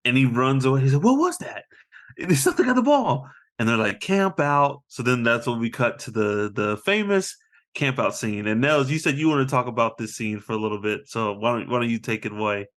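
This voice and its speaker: Male podcast co-host, casual and animated, mid-range pitch, slips into playful impressions. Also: a little fast. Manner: animated, acts out movie lines in funny voices. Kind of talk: casual chat.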